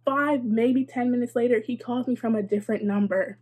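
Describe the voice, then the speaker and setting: Chatty young woman with a husky voice. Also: a little high, fairly even intonation, moderate pace, a little mellow. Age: young adult. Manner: chatty and sarcastic, many likes and asides. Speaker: vlogger. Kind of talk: casual storytime.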